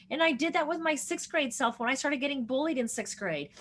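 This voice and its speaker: A woman in her forties with a high voice, speaking as a doctor guest in an interview. She talks earnestly and with deep feeling. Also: expressive, moderate pace, fairly bright tone. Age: 40s. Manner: emotional, earnest storytelling. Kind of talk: conversational interview.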